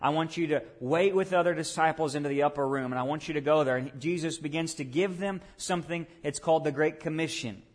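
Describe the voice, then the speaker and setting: A man preaching a sermon, moving between hushed, low passages and sudden loud, emphatic rises. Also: quick pace, hardly any pauses. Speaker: pastor.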